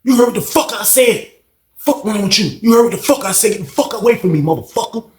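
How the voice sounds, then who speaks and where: A man voicing a furious yelling prisoner. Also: high voice, lively intonation, quick pace, echoey room, voice pushed up. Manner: shouting, cursing, confrontational. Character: furious middle-aged male prisoner.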